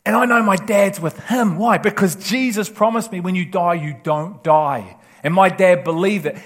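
Man, pastor, sermon, high-pitched, impassioned. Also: a bit bright. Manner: impassioned, laughing, acts out quoted voices.

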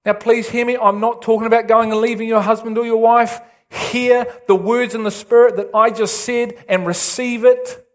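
A male pastor preaching an excitable, animated sermon with big swings in pitch. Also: normal speed, hardly any pauses.

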